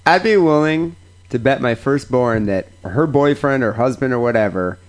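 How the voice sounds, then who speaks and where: A man's voice: medium pitch, expressive, normal speed. A man with a nasal voice hosting a crude comedy podcast, reading out the calls and joking with his co-host. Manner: reads the call list and introduces callers.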